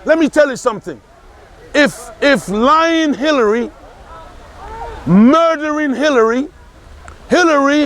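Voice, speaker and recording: A man giving a forceful outdoor street speech, repeating phrases for emphasis and shouting at times. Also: very high-pitched. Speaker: street speaker. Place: outdoors in a city park.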